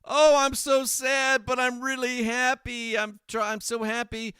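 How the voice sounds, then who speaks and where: A man's voice: extremely high pitch, level tone, measured pace, pushed and bright, smooth, no room sound, clean studio sound, voice pushed up, heavily acted. A man mimicking a gloating fake-crying widow. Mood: mock-sad gloating. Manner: mock-tearful, sing-song, gushing. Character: gloating fake-sobbing rich widow, woman, middle-aged.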